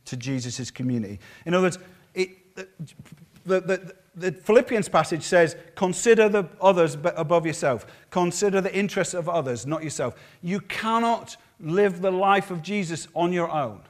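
A man delivers a lively sermon from the pulpit, his voice sitting high for a man. He talks fast and loose, slipping into little voices to act out what others say. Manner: lively, acts out quotes of others. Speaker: pastor.

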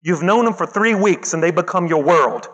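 A man preaching a lively sermon, acting out the people he quotes and breaking into loud bursts. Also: sits high, moderate pace. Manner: animated, acts out quoted voices, loud bursts. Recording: long hall reverb.

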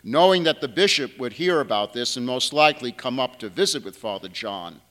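Priest, male, preaching with a lively, bright, rather high voice and an unhurried pace, long church echo. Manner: storytelling with dry humor, emphatic rises on key words. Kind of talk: sermon. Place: large church.

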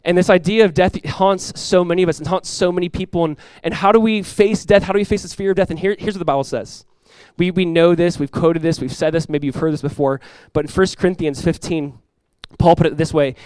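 A man in his thirties, a pastor preaching a sermon and telling a family story with lively, rising emphasis. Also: high voice, a little fast, hardly any pauses, clean tone, no echo. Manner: animated storytelling, rises loud when acting out his talks with his son.

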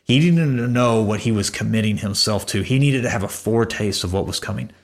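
A man preaching a sermon, earnest, rising for emphasis and dropping to hushed low lines. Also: brisk, creaky.

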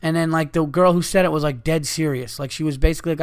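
Rambling, profane podcast host. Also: male voice, fairly high pitch, fairly even intonation, fast talker, hardly any pauses, smooth. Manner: rambling, profane, full of fillers and asides. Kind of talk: casual storytelling.

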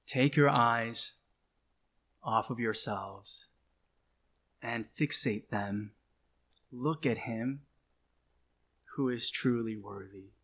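Preaching a sermon as pastor, a man speaks emphatically in a medium-pitched, fairly bright voice. His delivery is slow and deliberate, repeating phrases and driving points home with short repeated calls.

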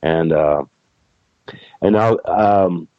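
Deep-voiced man rambling through a story. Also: drawn-out words, no echo. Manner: rambling, self-correcting, laughs often. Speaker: interview guest, plant breeder. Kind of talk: casual interview storytelling. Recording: dull, dry sound.

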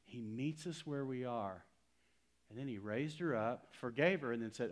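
Male pastor, middle-aged, sermon, animated, loud then hushed. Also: mid-range voice, normal speed. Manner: swings from loud emphatic preaching to hushed near-whispers; animated, acts out quoted conversations.

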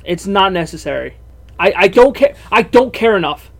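Young male co-host, high voice, blunt and dismissive, swears. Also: lively intonation, normal speed, creaky. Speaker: podcast co-host. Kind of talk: casual chat.

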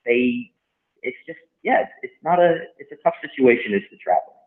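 A man hosting a podcast conversation, speaking in a measured, thoughtful way that hedges carefully. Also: medium pitch. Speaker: podcast host. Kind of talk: casual chat. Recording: tinny phone line in an echoey room.

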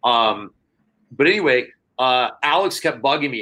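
Guest storyteller, male, loose and rambling, bright timbre. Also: mid-range voice, animated, normal speed. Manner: rambling, many fillers, acts out dialogue. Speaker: podcast guest. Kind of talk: casual storytelling.

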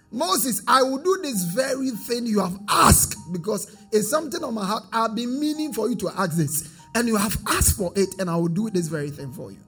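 A man's voice: high voice, fairly bright tone. A man preaching a sermon as pastor, drifting into a sing-song cadence and calling for the congregation to repeat after him.

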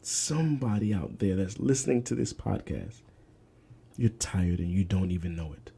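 In a preaching-style podcast, a young male host speaks with emphasis, repeats himself, and sometimes falls to a whisper. His voice sits low and sounds gravelly, dark, and husky at a moderate pace.

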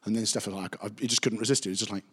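A man's voice: lowish voice, racing, slightly rough. Englishman teaching Scripture in a hall. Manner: chatty, anecdotal, animated asides. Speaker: pastor and Bible teacher. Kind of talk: conversational Bible teaching. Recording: reverberant hall.

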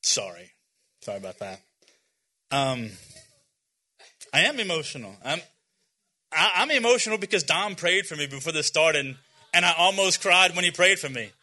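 A man's voice: on the high side, sing-song, normal speed, long pauses, sharp tone. A man in his forties giving an informal, earnest sermon to young people, with many fillers and restarts and some self-deprecating humor. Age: 40s. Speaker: youth speaker.

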